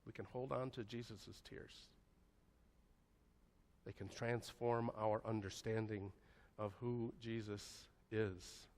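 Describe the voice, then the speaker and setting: A man preaching a sermon as pastor, slow and soft-spoken, with long pauses, often dropping to a hushed voice. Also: fairly low pitch, fairly even intonation. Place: church sanctuary. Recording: echoey church hall.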